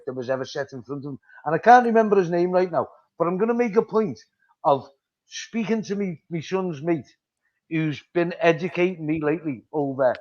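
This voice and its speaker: A man's voice: fairly high pitch, darkish tone. A middle-aged man with a Liverpool accent, hosting a live chat and talking bluntly, with plenty of swearing and repetition. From Liverpool, England. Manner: blunt, sweary, repeats himself. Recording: dull lo-fi stream audio.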